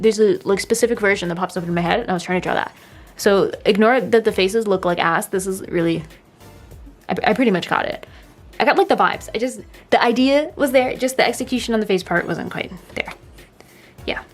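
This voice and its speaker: Rambling, giggly young woman. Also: medium pitch. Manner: rambling, giggly, self-deprecating. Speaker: artist giving a sketchbook tour. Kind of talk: casual chat.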